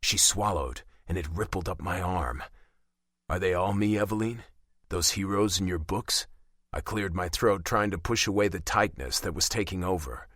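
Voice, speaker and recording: A man narrating a romance audiobook in the first person, confident and lively. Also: lowish voice, no echo, studio quality.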